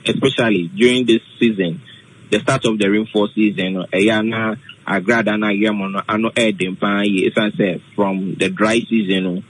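Male forecaster on radio, lowish husky voice, hesitant, filler-heavy delivery. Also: fairly even intonation, rough recording. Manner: halting, many fillers, mixes English and Twi. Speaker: weather forecaster guest. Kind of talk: radio call-in explanation.

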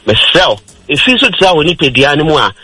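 A man's voice: a little high, big pitch swings, fast talker, pushed and bright, slightly rough, dry recording, rough recording. A Ghanaian man presenting a radio health talk, explaining step by step and mixing in English terms. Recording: radio broadcast.

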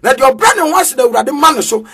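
A man with a Ghanaian accent preaching a sermon in a sing-song cadence with sudden shouts. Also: very high-pitched, animated, very fast, breathy edge.

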